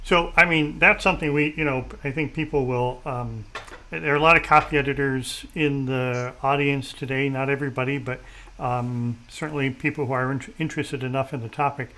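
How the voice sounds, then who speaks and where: A man's voice: mid-range voice, fairly even intonation, a little fast, pushed and bright, a little hiss or hum, poor audio. A man hosting a casual interview, chatty and self-deprecating, with many fillers and restarts. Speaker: host. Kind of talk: casual video-call interview.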